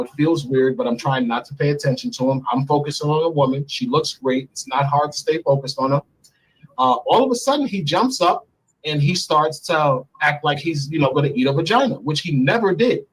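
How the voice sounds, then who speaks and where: A man's voice: a little high, a little hiss or hum, low-quality recording. A man as an interview guest, bluntly and profanely telling a personal story. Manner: blunt and profane, speaks freely.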